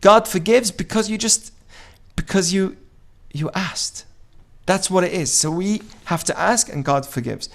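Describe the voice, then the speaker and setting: A man with a high, fairly bright voice and some vocal fry speaks a little slowly during an informal Torah class. He converses with the group, poses questions to them, and acts out quoted lines.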